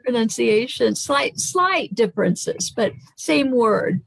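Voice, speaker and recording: American woman hosting a casual chat, lively storyteller, a bit high-pitched. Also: takes it slowly, creaky, slightly rough, poor audio. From United States. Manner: animated storyteller who acts out other people's voices. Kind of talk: casual group video chat.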